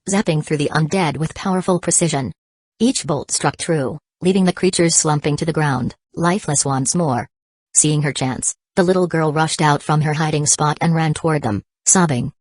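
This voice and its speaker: A woman reads a story aloud in a steady, even way. Her voice sits low and sounds dry and close, with no room around it. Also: no echo. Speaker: audiobook narrator. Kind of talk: scripted narration.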